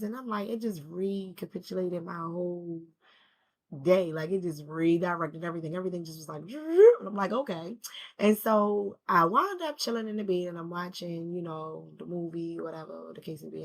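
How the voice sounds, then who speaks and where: A woman's voice: on the low side, creaky. A woman rambling through a casual, slangy story in a personal video, grieving and emotional, the mother of a teenage son. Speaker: vlogger.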